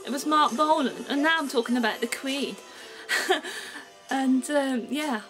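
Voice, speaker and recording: Speaking a little slowly in a high-pitched, fairly bright voice, a Brummie woman from England vlogs casually to camera. She wanders, giggles and loses track of what she's saying. Music plays clearly behind her on a low-quality recording.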